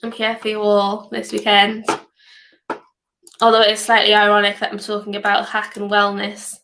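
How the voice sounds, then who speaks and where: A young woman from northeast England with a softened Geordie accent and a sore throat, chatting casually as host of a hackathon livestream Q&A. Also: mid-range voice, completely flat delivery, normal speed, noisy background. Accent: softened Geordie, somewhat posh. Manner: chatty, reads questions aloud, hums while waiting.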